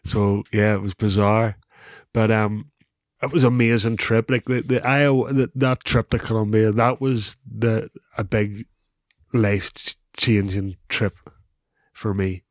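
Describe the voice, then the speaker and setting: A man's voice: fairly low pitch, measured pace, no echo, studio quality. Northern Irish man telling a wild story. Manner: animated storyteller, says "bro" and "wee", laughs often. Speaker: guest, former rugby player. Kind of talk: casual storytelling interview.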